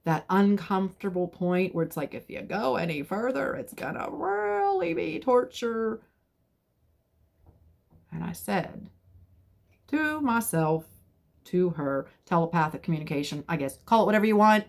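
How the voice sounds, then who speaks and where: A middle-aged woman telling a personal story in a casual, animated way, sometimes dropping to a whisper for suspense. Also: on the low side, gravelly.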